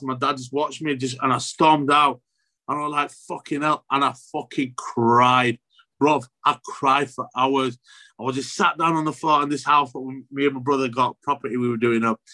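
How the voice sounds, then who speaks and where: A young man, an interview guest telling an emotional personal story, halting and repetitive, swearing often. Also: a little high, bright, forceful tone.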